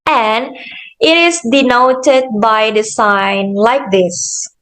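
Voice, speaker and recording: A young woman student giving a slow, careful class presentation, explaining step by step with frequent "okay" and "so". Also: fairly high pitch, fairly bright tone, low-quality recording. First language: Indonesian. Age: young adult. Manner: deliberate, measured, with "okay" and "so".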